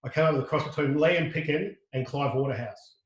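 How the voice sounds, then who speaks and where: A middle-aged Australian man, a podcast guest, tells a lively anecdote full of restarts and quoted dialogue. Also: a little high, fairly quick, roomy sound, muffled recording, slight background noise. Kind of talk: casual storytelling.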